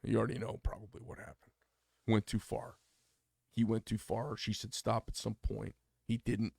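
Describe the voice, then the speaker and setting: Gravelly man, mid pitch, blunt podcast storyteller, dry close mic. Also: little pitch movement, normal speed, a little mellow, no echo. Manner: blunt, opinionated, acts out quoted dialogue. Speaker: podcast co-host. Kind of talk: casual storytelling chat.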